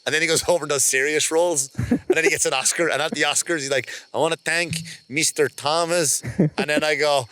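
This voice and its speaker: A man's voice: fairly high pitch, fairly even intonation, quick pace, pushed and bright, clear, resonant tone. A man co-hosting a comedy podcast, telling rambling stories, laughing often and acting out little scenes. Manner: rambling storyteller, laughs often, acts out bits. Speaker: podcast co-host. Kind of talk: casual comedy chat.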